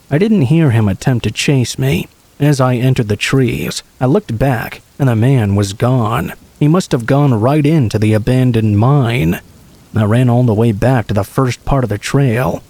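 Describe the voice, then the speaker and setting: A man calmly reading true scary stories aloud as a steady, scripted horror narration. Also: medium pitch.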